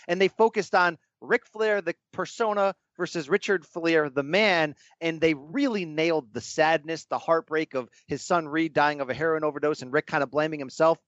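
A man co-hosting a casual chat, talking with animated emphasis and throwing out rhetorical questions. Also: high-pitched, dry recording. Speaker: podcast co-host. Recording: dull, lo-fi dry recording.

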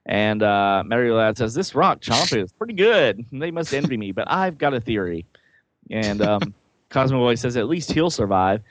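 A man's voice: fairly low pitch, expressive, moderate pace, a little hiss or hum. A man casually reading comic-book dialogue aloud, adding joking asides and laughing often.

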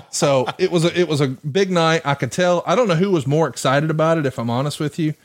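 A man's voice: a little high, brisk. A man hosting a casual chat, telling backstage stories, acting out quoted lines and laughing often. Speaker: podcast host, wrestling promoter.

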